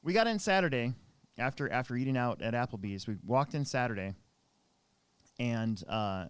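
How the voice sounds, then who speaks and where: Man, 30s, podcast co-host, animated storyteller, mid-pitched, dry close mic. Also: moderate pace, clear, resonant tone, no echo. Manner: rambling, animated anecdote with many restarts. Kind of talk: casual storytelling chat.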